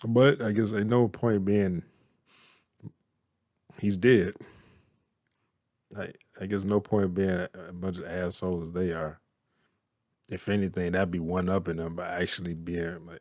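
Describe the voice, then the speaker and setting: A man's voice: low voice, little pitch movement, unhurried, long pauses, darkish tone, no echo, studio quality. Profane, laughing Southern man. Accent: Southern American. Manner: profane, blunt, laughing, mimics characters. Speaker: movie reaction host. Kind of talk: casual reaction commentary.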